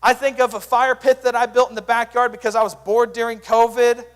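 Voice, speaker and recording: A young youth pastor preaches to a crowd of teens, with a very high-pitched voice for a man. He tells funny stories and keeps the energy up. His voice rings with the long reverb of a hall. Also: brisk. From Sand Springs area, US. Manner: energetic, joking storyteller. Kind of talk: youth sermon.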